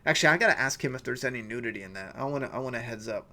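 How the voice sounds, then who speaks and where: Gravelly rambling male stream host. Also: mid-range voice, expressive, racing. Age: adult father of a school-age child. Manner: rambling, thinks out loud, self-correcting. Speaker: host of a live weekly review show. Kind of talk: casual live-stream chat, reading viewer comments.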